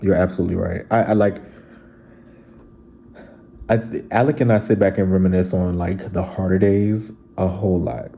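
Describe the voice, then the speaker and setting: A man's voice: deep voice, fairly even intonation, normal speed, pauses often, dark tone. A man, chatting casually and earnestly as he reads out viewer comments on his vlog. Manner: earnest and heartfelt, addressing viewers directly. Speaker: vlogger reading viewer comments. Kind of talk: casual chat.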